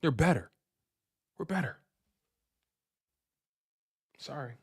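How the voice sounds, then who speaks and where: A man hosts a fan sports talk stream with a medium-pitched voice. He talks in hyped, repetitive bursts and trash-talks the other team. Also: normal speed. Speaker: sports show host. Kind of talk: animated sports talk livestream.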